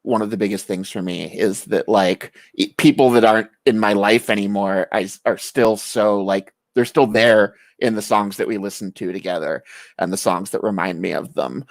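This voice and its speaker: A man's voice: fairly low pitch, moderate pace, gravelly, dry recording. A man talking as a guest in a casual chat, easygoing and reflective. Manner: easygoing, reflective, laughs along.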